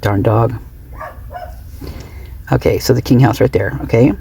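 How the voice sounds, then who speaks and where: A woman's voice: rumbling low, steady tone, unhurried, vocal fry, warm tone, slight background noise. A woman true crime vlogger talking off the cuff in a chatty, rambling way with giggly asides. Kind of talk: unscripted casual vlog chat.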